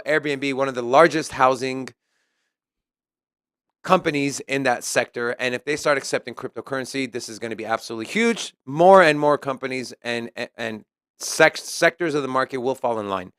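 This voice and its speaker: A man's voice: mid-range voice, normal speed, bright, forceful tone, clear, resonant tone, dry recording, clean studio sound. A man co-hosting a casual crypto news show, reading articles aloud and commenting on them. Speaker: co-host.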